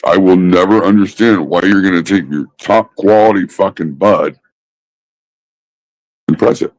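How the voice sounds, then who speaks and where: Profane, mocking man with a low voice. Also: rough recording. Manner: swears constantly, mocking, drawn-out pauses. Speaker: host. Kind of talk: casual profane rant.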